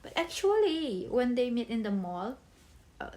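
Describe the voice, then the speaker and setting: A young woman talking about a favorite book in a bubbly, chatty way, speaking English as a second language, with pauses and restarts. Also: fairly high pitch, animated, darkish tone, faint music behind. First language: not English. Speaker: book vlogger. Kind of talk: casual book chat.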